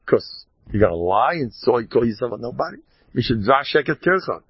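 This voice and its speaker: Low gravelly rabbi guy joking through a torah talk, sarcastic, rambly, lo-fi muffled audio. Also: sing-song, brisk, no room sound. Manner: wry, mock-boastful sarcasm; sprinkles Hebrew and Yiddish terms. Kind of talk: informal Torah talk with jokes. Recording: dull lo-fi recording.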